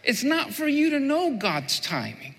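High, bright-voiced man preaching in a reverberant hall. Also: wildly swooping pitch, measured pace, vocal fry. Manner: repeats phrases for emphasis, rising to a fervent preaching pitch. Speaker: pastor. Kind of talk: sermon.

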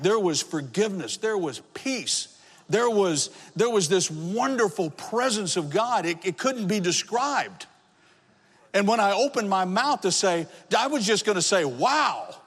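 A man with a high, light voice preaches to his congregation. His testimony swings from hushed to shouting. Long reverb hangs after every phrase in the large hall. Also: slightly rough. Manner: emotional testimony, rising to shouts. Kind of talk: sermon.

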